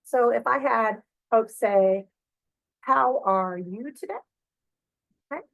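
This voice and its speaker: A middle-aged woman librarian walks through software on a shared screen, chatty and full of fillers and check-ins. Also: fairly high pitch, slow, vocal fry, no echo, poor audio. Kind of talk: screen-share tutorial walkthrough.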